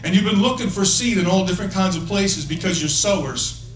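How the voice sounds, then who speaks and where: A man's voice: sits high, a little fast, faint music behind. A male evangelist preaching prophetically to individuals, emphatic and playful, often repeating "listen" and laughing between points. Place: church conference hall. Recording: echoey hall, mic from far off.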